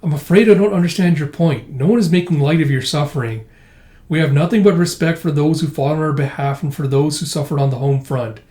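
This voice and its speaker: A man's voice: fairly high pitch, a little fast, dark tone, reverberant, natural voice. Brief: composed young woman in a comic read-through, read by a man in his own voice, level and courteous. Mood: earnest.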